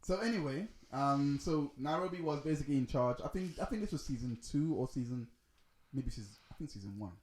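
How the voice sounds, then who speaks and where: A man co-hosting a podcast in casual chat, rambling and halting with lots of restarts and fillers. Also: medium pitch, animated, a little mellow. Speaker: podcast co-host. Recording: roomy echo.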